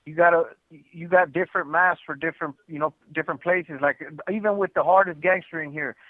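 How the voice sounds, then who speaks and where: A man's voice: on the high side, fairly even intonation, fairly quick, no room sound. A man calling in from prison, talking frankly in casual chat and cussing freely. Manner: frank and streetwise, cusses freely. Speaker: incarcerated caller. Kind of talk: casual chat over a prison phone call. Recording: tinny prison phone line.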